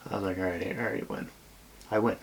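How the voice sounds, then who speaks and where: This deep, steady male voice talks very fast. He's co-hosting a podcast, swapping casual stories in a relaxed manner and letting sentences trail off into lots of fillers.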